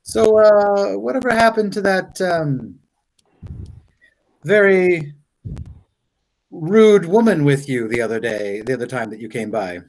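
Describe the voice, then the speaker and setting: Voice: mid-range voice, lively intonation, unhurried, pauses often, darkish tone, voice pushed up, poor audio. A tabletop game master voicing a shy male blacksmith who stammers nervously and keeps repeating himself.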